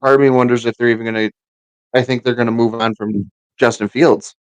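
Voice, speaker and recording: A man's voice: medium pitch, fairly even intonation, fairly quick, smooth, dry recording, muffled recording. A man co-hosting a casual sports podcast who rambles and restarts his sentences often. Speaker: podcast co-host.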